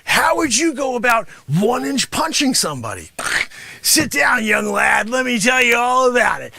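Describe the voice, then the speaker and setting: A greedy, bossy karate sensei, put on by a man barks and hard-sells at his students in a very high, piercingly bright voice. The pitch swings wildly as he scolds, with a gravelly edge, recorded close and dry. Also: very animated, normal speed, exaggerated voice. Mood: boastful hustling. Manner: shouting, hard-selling, scolding. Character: brash loud-mouthed male karate sensei, greedy and bossy. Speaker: host. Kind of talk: improvised comic character monologue.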